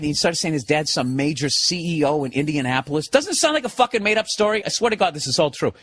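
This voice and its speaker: A man's voice: a little high, a little fast, slightly rough. A man, telling a profane comic story as a podcast host and acting out other people's lines. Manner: animated, swearing, acts out other people's lines, laughs. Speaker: comedian on his podcast. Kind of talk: profane comedic storytelling rant.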